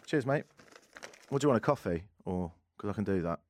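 A man's voice: on the low side, lively intonation, brisk. Wry man hosting radio. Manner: wry, sarcastic, rambling. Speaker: radio talk show host. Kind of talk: casual radio chat. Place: radio studio. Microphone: studio microphone.

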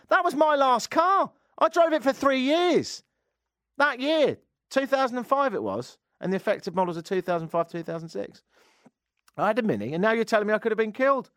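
A male radio host riffs on strange news into a studio microphone. His voice sits a little high and swings up and down with lively energy, and the sound is dry and close. He keeps dropping in sarcastic little jokes between headlines. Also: no echo. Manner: sarcastic, jokey asides. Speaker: radio talk show host. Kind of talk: radio talk show, reading and riffing on odd news.

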